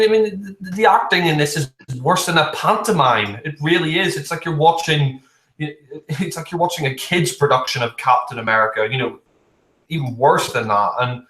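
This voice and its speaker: A man's voice: mid-range voice, a bit bright, echoey room, rough recording. A man gives a blunt, casual film review, rambling and profane with plenty of fillers.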